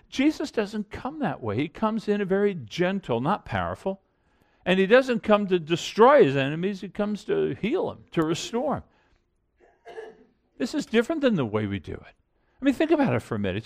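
A middle-aged man preaching a sermon in an earnest, conversational way, building to emphatic points. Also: a little high. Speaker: pastor.

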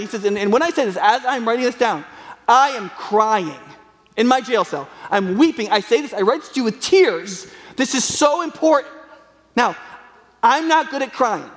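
A man's voice: high-pitched, animated, a little fast. A man preaching a sermon as a pastor, earnest and conversational, with frequent fillers and restarts. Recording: long hall reverb.

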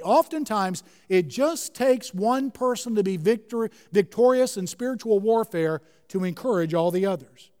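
A man's voice: high voice, darkish tone, in a large hall. A man preaching a sermon as a pastor, earnestly explaining scripture verse by verse.

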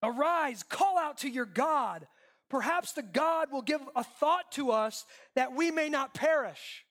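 A man's voice: extremely high pitch, expressive, unhurried, a bit bright, full character voice. A male preacher voicing a ship captain who urges a sleeping man to get up and pray. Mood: urging.

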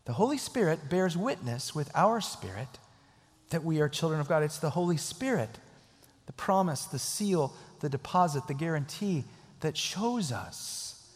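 A man preaching a sermon, telling a story and then leading a prayer, earnest and emphatic, often repeating key phrases. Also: fairly high pitch. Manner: earnest, emphatic repetition, chuckles while telling stories. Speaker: pastor. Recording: echoey hall reverb.

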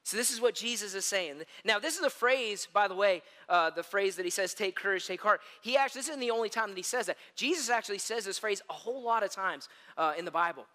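A man preaching a sermon as a pastor, telling stories in an animated, self-deprecating and humorous way. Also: high-pitched, quick pace, hardly any pauses. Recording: long reverb of a large hall.

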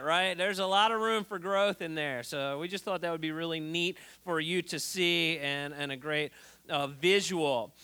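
Bright high-voiced male pastor preaching. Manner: conversational, storytelling with many fillers and restarts. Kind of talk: sermon.

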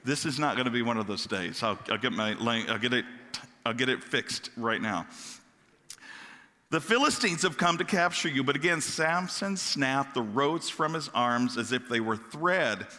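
A man's voice: medium pitch, normal speed, bright, forceful tone. A man giving a casual, joking Bible lesson in a large hall, sometimes stumbling over his words. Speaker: Bible teacher. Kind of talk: conversational Bible teaching.

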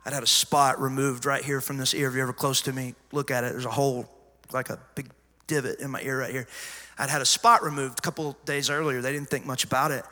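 A middle-aged pastor preaching from the pulpit, his voice very bright and forceful. He tells his story with emphasis and drops to near-hush before rising again. The sound carries the long reverb of a big church hall. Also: medium pitch. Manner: emphatic storyteller, swinging from hushed asides to loud cries. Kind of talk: sermon testimony. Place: large church sanctuary.

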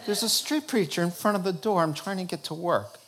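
A male preacher telling his conversion story in a sermon, animated and often laughing as he acts out conversations. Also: sits high, fairly quick, husky.

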